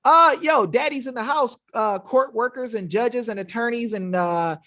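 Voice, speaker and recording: A man's voice: very high-pitched, moderate pace, pushed and bright. A man hosting a webinar in an emphatic, combative, slangy manner, talking casually to his viewers. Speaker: webinar host. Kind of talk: fiery casual livestream talk.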